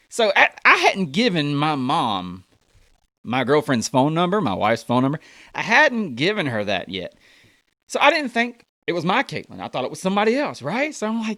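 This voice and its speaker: A young man performs stand-up, telling a story with lively swings of pitch as he acts out each person in it. The sound is dry and close. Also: normal speed, dry recording. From United States. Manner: animated, acts out voices with big pitch jumps. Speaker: stand-up comedian.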